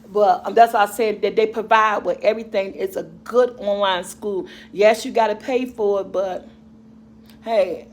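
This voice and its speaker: A woman's voice: mid-range voice, a little hiss or hum. A middle-aged woman vlogger and mother, chatting casually and rambling to her viewers about their comments, laughing often.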